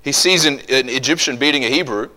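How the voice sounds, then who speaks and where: A man preaching a sermon, telling stories with humor and swinging from loud outbursts to hushed asides. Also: mid-range voice, fast talker.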